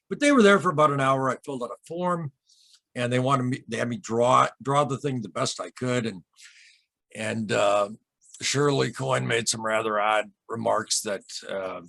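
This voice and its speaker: A man being interviewed as a guest on a podcast, telling an unsettling personal story in an earnest, halting way, often repeating himself and getting emotional. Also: medium pitch, gravelly, fairly bright tone, no echo. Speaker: podcast guest, UFO experiencer.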